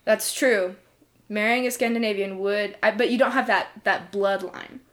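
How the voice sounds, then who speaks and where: A woman in her twenties co-hosts a podcast, trading playful, casual banter and breaking into giggles. Her mid-range voice holds a steady tone at a moderate pace.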